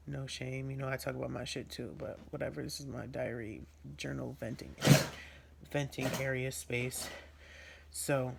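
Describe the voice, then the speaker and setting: A man's voice: mid-range voice, gravelly. A man venting in a diary-style vlog, rambling with slang and fillers, his nose running from allergies. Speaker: vlogger. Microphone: recording on a phone.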